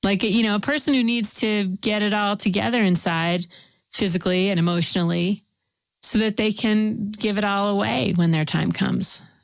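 A woman's voice: mid-range voice, fairly even intonation, normal speed, gravelly, no room sound, rough recording. A woman hosting an interview, offering thoughtful, empathetic reflections. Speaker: host.

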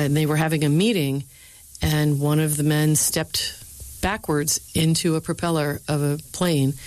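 A middle-aged woman, a speechwriter and lecturer, answering interview questions with lively storytelling and quoting others in changed voices. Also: sits low, no echo, low-quality recording. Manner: animated storyteller, voices quoted people.

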